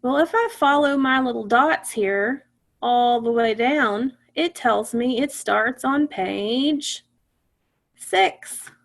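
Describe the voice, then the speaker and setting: A woman teaching a phonics lesson to young children, patient and encouraging, sounding out words slowly. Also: a little high.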